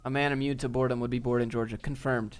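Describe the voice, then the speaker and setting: Laid-back man with a smooth voice. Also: mid-range voice, level tone, fast talker, faint music behind. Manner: laid-back, joking, off-the-cuff. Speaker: streamer answering viewer chat. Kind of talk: casual live chat Q&A.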